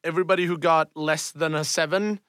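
Bright, clear-voiced man running a game. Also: fairly high pitch, fairly even intonation, a little fast, no room sound, clean studio sound. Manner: rambling, full of fillers and restarts. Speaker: game master. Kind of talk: narrating a tabletop game.

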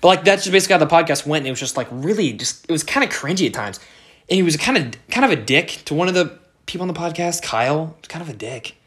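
A man's voice: on the high side, animated, fast, a bit bright. A young American man hosting a solo podcast, talking casually in a rambling way with lots of fillers, restarts and swearing. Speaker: podcast host.

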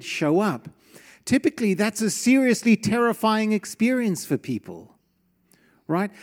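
A man's voice: fairly high pitch, darkish tone. A middle-aged man preaching a sermon in a church, in a conversational way, asking the congregation questions. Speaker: pastor.

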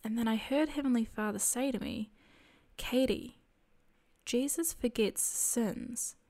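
A woman telling a personal faith testimony in a soft, reflective storytelling manner. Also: medium pitch. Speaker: storyteller sharing a spiritual experience.

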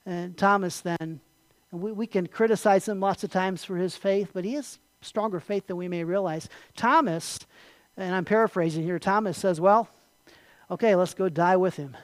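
A pastor preaching a sermon, asking rhetorical questions and swinging between hushed and loud delivery. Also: medium pitch, fairly even intonation, normal speed, no echo.

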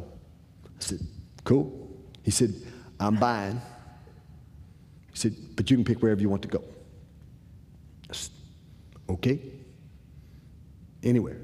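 A man telling a personal story to an audience, acting out the dialogue. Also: fairly low pitch. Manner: animated, acts out the dialogue. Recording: long hall reverb.

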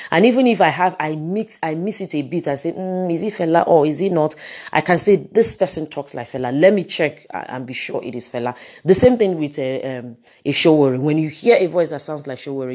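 Casting: woman teacher, low-pitched, animated, full of fillers and restarts. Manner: animated, repeats words, many fillers. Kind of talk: lecture on public speaking.

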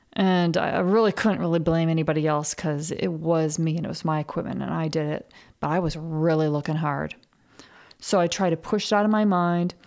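A woman hosting a podcast, talking in a candid casual monologue, swearing freely and laughing at herself. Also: lowish voice. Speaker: podcast host.

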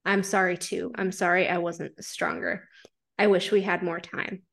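A woman reading aloud the lines of a gentle, devoted young man from a fanfiction story, in soft, earnest dialogue. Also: lowish voice, little pitch movement, normal speed, gravelly. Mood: longing.

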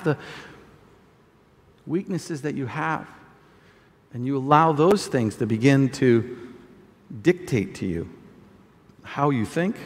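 A man preaching a sermon as a pastor, stumbling over repeated words, shouting at times and reading scripture quietly at others. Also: sits high, big-room sound.

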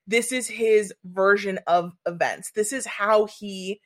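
A woman's voice: mid-range voice, fairly even intonation, takes it slowly. A woman chatting casually about films, enthusiastic and rambling, swearing freely as she goes. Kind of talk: casual chat.

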